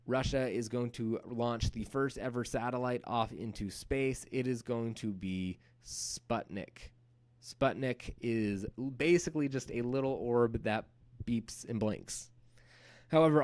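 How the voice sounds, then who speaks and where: A man's voice: medium pitch, moderate pace. Man giving a casual history lecture. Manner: casual, animated storytelling with playful acted-out quotes. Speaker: history teacher. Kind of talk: recorded lecture.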